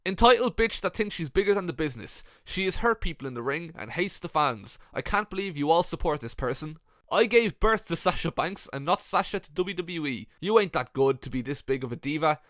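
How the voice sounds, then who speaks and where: A man's voice: on the high side, a little fast, no room sound, clean studio sound. Sarcastic young man reading comments. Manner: sarcastic, mocking, deadpan asides. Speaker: YouTube commentator.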